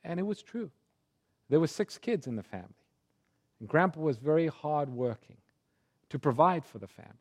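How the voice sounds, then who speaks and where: Man, preacher, sermon storytelling, slightly high voice, hushed to fervent. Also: lively intonation, normal speed, pauses often. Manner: emotional, swings from hushed to fervent pleading.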